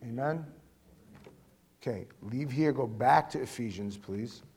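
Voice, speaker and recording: A male pastor delivering a sermon, direct and conversational, swinging between loud emphatic reading and quiet, intimate asides. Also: mid-range voice, measured pace, very noisy.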